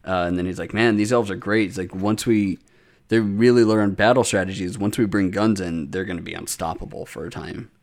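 A young man with a fairly low voice talks through an episode in loose, casual chat. He rambles, stacks fillers, and restarts his sentences as he goes. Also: steady tone, fairly quick, darkish tone. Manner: rambling recap with many fillers, restarts and laughs. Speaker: podcast co-host recapping an anime episode.

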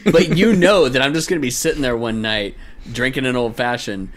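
A man's voice: medium pitch, fairly quick. A man in casual podcast chat, profane and laughing often. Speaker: podcast co-host.

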